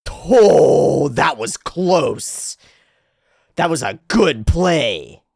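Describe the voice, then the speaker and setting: A woman hosting a reaction video, commenting on an anime in an excitable way, swearing and laughing loudly, going from mutters to squeals. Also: low-pitched, extremely slow, vocal fry, breathy edge, no echo, clean studio sound. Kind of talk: casual reaction commentary while watching anime.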